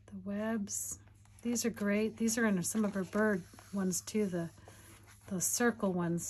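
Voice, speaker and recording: A crafting vlogger speaks in a mid-range, slightly mellow voice, with a little background noise in the clip. Giggly and rambling, she shows off what she found in casual show-and-tell chat.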